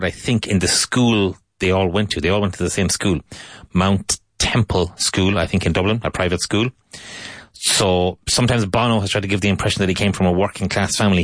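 A very low-pitched man teaches English over the radio in a loose, chatty way, wandering off topic and restarting his sentences. He drills each vocabulary word slowly, several times over. The voice is close and dry, with no room sound. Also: a bit bright, no room sound. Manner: rambling and chatty, with frequent restarts; slow, repeated drilling of vocabulary words. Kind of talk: casual radio English lesson.

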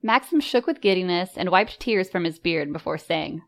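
Low-voiced woman narrating first-person. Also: animated, moderate pace, creaky. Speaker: audiobook narrator.

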